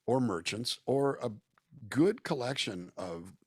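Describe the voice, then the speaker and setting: A man's voice: medium pitch, expressive, slow pace, breathy edge, no room sound, clean studio sound. A man from Southern California, a guest musician and actor, talking at length and thoughtfully over a video call. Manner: reflective, talkative, acts out quoted voices. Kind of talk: casual interview chat.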